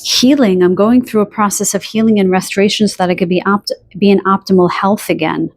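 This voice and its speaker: A woman giving a channeled pick-a-card tarot reading in a chatty, spontaneous way, often pausing to search for words. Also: mid-range voice, fairly even intonation, a little mellow. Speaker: tarot reader.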